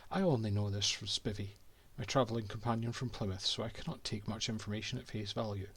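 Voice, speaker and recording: Scottish man doing a haughty cartographer, pompous diary voice, low-pitched, game diary read aloud. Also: steady tone, fast talker, breathy edge. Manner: pompous, old-fashioned diary prose.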